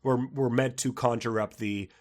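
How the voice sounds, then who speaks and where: A man's voice: mid-range voice, steady tone, moderate pace. A man co-hosting a comedy book podcast, chatting casually, laughing often and reading passages aloud with mock drama. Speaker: podcast co-host.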